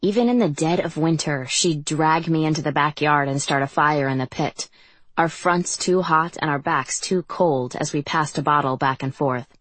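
Low-voiced female audiobook narrator. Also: moderate pace, fairly bright tone, dry recording. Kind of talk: first-person audiobook narration.

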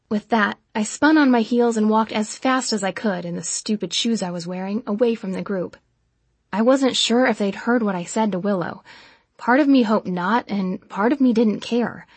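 Husky-voiced woman narrating an audiobook. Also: mid-range voice, no echo. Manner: emotional, intimate, slows for dialogue. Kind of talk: scripted first-person narration.

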